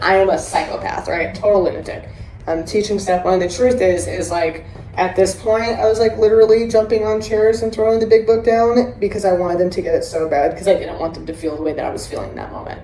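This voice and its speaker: A woman hosting a podcast, telling recovery stories in a blunt, profane and animated way. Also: medium pitch, fairly quick. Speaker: podcast host. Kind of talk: candid recovery chat. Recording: roomy echo with faint hiss.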